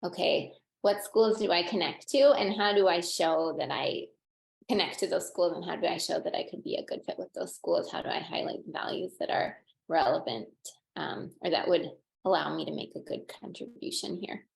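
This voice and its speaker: Woman on a webinar call, low gravelly voice, echoey room, says um and like a lot. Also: lively intonation, moderate pace. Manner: chatty, with many "um" and "like" fillers. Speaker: former college interviewer panelist. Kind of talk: webinar advice talk.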